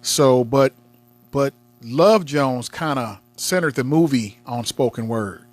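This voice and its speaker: A man co-hosting a casual chat about movies, laughing a lot and trailing off quietly. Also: mid-range voice, lively intonation, takes it slowly, soft background music. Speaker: co-host.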